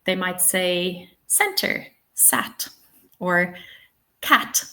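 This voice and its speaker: Woman, webinar trainer, lowish pitch, encouraging, frequent check-ins, computer mic. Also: steady tone, unhurried. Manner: encouraging, checks in with "okay?" and "yeah?". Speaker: TEFL trainer. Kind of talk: webinar teaching.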